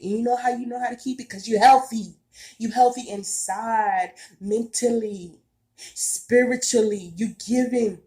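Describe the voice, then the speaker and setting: A woman speaks straight to her viewers about spiritual growth in a casual, heartfelt way. She talks slowly, leaning on repetition for emphasis, and her voice has a dark, mellow tone. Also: a little high, fairly even intonation. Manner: earnest and emphatic, repeats herself, casual colloquial speech. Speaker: spiritual vlogger.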